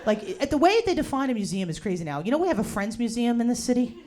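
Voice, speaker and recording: A woman in her forties doing a stand-up set in a bar, ranting loudly and profanely with slangy fillers. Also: on the high side, big pitch swings, fast talker, a little hiss or hum. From New Jersey. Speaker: stand-up comedian. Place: bar in front of a live audience. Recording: live crowd laughing in a bar. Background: audience laughter.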